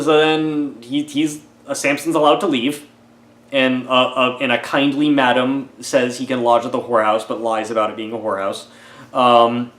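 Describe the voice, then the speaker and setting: A man's voice: medium pitch, a bit bright, echoey room. A man giving a comedic, sarcastic movie review, rambling with lots of "like" and "uh" fillers. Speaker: film reviewer.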